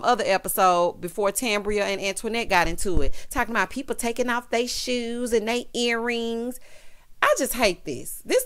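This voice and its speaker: A woman with a Southern US accent giving casual, sassy commentary on a reality show, peppering her talk with "honey" and "child" and swinging between loud outbursts and low asides. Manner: sassy, dramatic, keeps saying honey and child. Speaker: reality TV recap vlogger.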